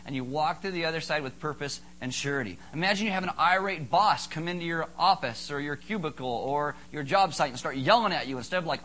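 Bright-voiced male pastor preaching. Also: fairly quick, few pauses, low-quality recording. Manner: animated, acts out panicky bystanders in high squeals. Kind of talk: sermon.

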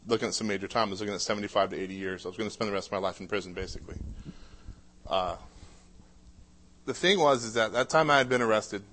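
A man shares a personal testimony, telling his life story in casual, conversational speech full of "uh" fillers and restarts. His voice is fairly low and a bit bright, and he talks fast but with long pauses.

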